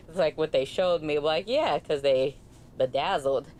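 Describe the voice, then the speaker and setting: A young woman from the Bay Area co-hosting a podcast in casual chat, animated and quick to laugh. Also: low-pitched, slight background noise. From California, Bay Area. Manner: animated, laughs often, mimics accents. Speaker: podcast co-host.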